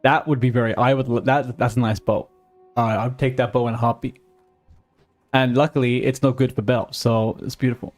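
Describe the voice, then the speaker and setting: A man's voice: medium pitch, fairly even intonation, fairly quick, a little mellow, soft background music. A man live-streaming a game in casual commentary, rambling and muttering to himself with mild swearing and humming.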